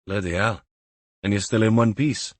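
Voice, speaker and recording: A man voicing a gruff, sardonic senior detective. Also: fairly low pitch, normal speed, dry recording, lightly acted. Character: gruff, dry-witted senior Welsh detective.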